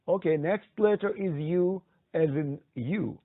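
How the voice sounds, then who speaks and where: A man's voice: a little high, expressive, unhurried, few pauses, no echo. A man teaching a language lesson, patiently repeating each word and prompting the listener to say it back. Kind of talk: slow, drilled pronunciation lesson. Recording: dry, phone-like thin sound.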